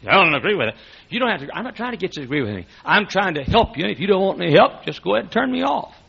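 A man preaching a sermon as pastor, animated and laughing, often restarting his sentences, on a dull lo-fi recording. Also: high-pitched, rapid-fire, gravelly, breathy edge.

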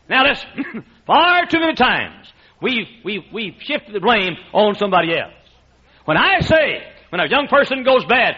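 Male pastor mid-sermon, lively pitch, breathy edge, lo-fi church tape. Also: a little slow. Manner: emphatic preaching with frequent laughter from the room. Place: church sanctuary. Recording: muffled lo-fi sermon recording.

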